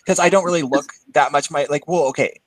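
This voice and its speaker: A man's voice: a little high, fast, no echo. A man in casual chat with a Californian Valley Girl accent, rambling and trailing his sentences up, full of "like". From Seattle. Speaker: podcast co-host.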